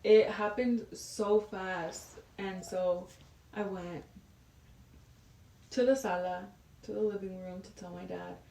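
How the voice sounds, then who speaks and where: A woman's voice: medium pitch, steady tone, slow pace, creaky, long pauses, dark tone. A woman in her twenties, a podcast guest, telling a personal story in a casual, chatty way with a lot of "like" fillers. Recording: roomy echo, distant from the mic.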